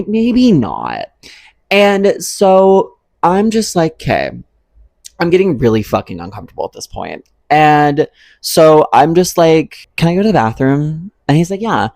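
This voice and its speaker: A man's voice: medium pitch, gravelly, darkish tone, no echo. A young adult man vlogging a casual storytime, rambling and profane, full of "like" and "um".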